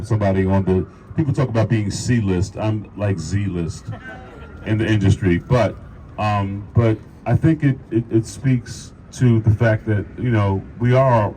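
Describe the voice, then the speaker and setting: A male actor gives a rambling, emotional speech at an outdoor union rally, laughing and repeating himself into a handheld mic. His voice is low and warm, and the low-quality recording carries a little hiss or hum.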